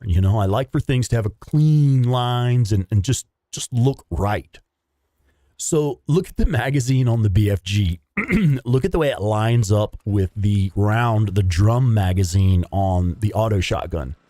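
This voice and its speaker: A man's voice: on the low side, expressive, unhurried, mellow, no room sound. A young man, chatting casually with viewers while livestreaming a game and swearing now and then. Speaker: livestream gamer.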